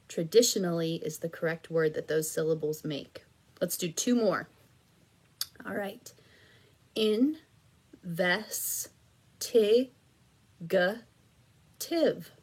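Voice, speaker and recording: Patient, husky-voiced woman teaching reading. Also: lowish voice. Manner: patient and encouraging, stretches out syllables. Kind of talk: slow, clearly enunciated instruction for children.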